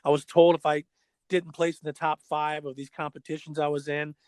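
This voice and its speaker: A middle-aged man, a former pro skateboarder, telling stories in casual chat, animated and repeating words as he goes. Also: fairly high pitch, fairly quick, smooth, no echo. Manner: animated, acts out quoted dialogue, repeats words.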